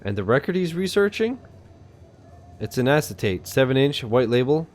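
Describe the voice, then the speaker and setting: A man's voice: mid-range voice, big pitch swings, normal speed, close to an everyday voice. A man voicing a polite, inquisitive young woman searching for a missing friend. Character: curious young woman detective heroine, polite.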